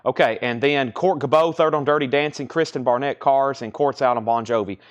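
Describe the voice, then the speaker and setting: A man's voice: mid-range voice, dull audio. Man running a live record sale. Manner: brisk, repeats titles, conditions and prices. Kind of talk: live sales stream chat. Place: record shop during a live stream.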